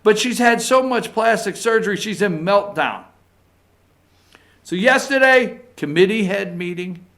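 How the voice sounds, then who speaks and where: A man's voice: high voice, lively intonation, a little slow, a bit bright. Emphatic man with a raised voice. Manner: emphatic, repeats points, tags lines with "okay?". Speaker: political commentator. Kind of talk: opinion monologue.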